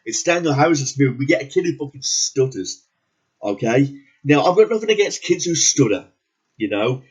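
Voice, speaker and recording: A man's voice: mid-range voice, sing-song, normal speed, a little mellow, husky, low-quality recording. A man ranting angrily about a movie as a reviewer, swearing constantly and repeating words for emphasis. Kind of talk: angry profane movie rant.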